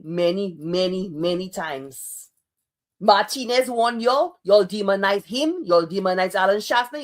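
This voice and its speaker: A woman's voice: mid-range voice, a little mellow. A Saint Lucian woman giving online political commentary in an exasperated, sarcastic, scolding way.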